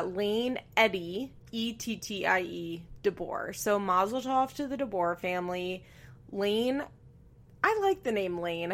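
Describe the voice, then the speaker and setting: Bright-voiced chatty woman podcaster. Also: mid-range voice. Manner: chatty, candid and profane, with frequent asides. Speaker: podcast host. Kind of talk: casual podcast chat. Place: bedroom at home. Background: fan running.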